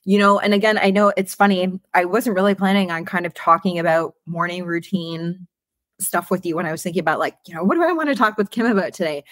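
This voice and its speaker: A woman's voice: lowish voice, fast talker, a bit bright, dry recording, clean studio sound. A woman from Canada hosting a podcast, talking in an emphatic, motivational way and swearing casually. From Greater Toronto Area, Canada. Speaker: podcast host. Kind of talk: casual conversational interview.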